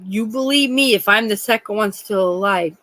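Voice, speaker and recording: A woman with a medium-pitched, bright and forceful voice hosts a true crime livestream at a moderate pace, chatting casually. Indignant and rambling, she restarts many times and swears now and then, and the recording quality is rough.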